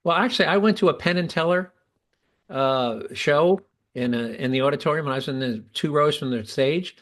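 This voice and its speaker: A man's voice: on the high side, brisk, fairly bright tone. Chatty man hosting a podcast. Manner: chatty, restarts often while explaining. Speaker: podcast host. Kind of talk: casual talk.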